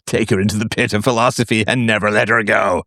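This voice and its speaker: A man's voice: fairly low pitch, normal speed, no room sound, studio quality. A middle-aged man hosting a live call-in talk show, talking casually and acting out quoted voices as he goes. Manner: animated, acts out quoted voices, sings snatches. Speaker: podcast host. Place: online audio space.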